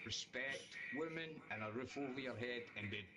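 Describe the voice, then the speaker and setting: A Scottish man in his late thirties, talking bluntly and haltingly with some swearing as a guest on a live stream. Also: medium pitch. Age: 30s. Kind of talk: casual chat. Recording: noisy line.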